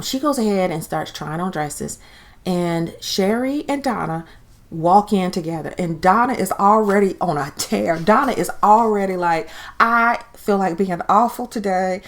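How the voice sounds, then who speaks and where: A woman's voice: fairly low pitch, animated, a little slow. A woman recapping a TV show in a casual, chatty way, giving her opinions and acting out quotes. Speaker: TV recap host.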